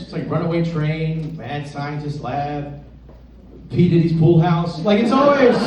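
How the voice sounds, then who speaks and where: A man's voice: high-pitched, darkish tone, far from the mic. A young man doing stand-up in a comedy club, joking with the crowd and laughing at his own lines. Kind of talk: stand-up set. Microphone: handheld stage mic. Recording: roomy club sound, audience laughter.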